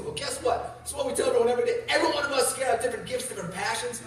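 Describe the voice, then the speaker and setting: Animated, laughing man in a big hall. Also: very high-pitched, very fast. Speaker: motivational speaker. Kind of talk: storytelling talk to an audience. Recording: echoey hall from far off, noisy.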